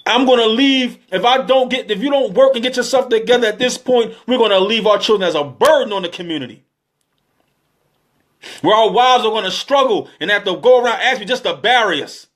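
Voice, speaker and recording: Guy in his 30s, high pitched, emotional pleading speech, keeps repeating himself. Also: brisk, a bit bright. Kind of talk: impassioned exhortation.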